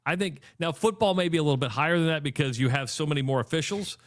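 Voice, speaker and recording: A man's voice: on the high side, quick pace. A male sports radio co-host in casual chat, emphatic, who reads out listener comments.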